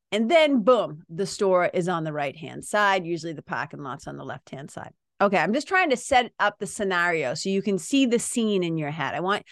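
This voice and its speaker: A woman's voice: lowish voice, fairly bright tone, no room sound, clean studio sound. A woman, a yoga teacher, telling a personal story in a casual, conversational way, full of "right?" and "like" and the odd swear word. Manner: conversational, with frequent "right?" and "like" fillers; frank, swears now and then.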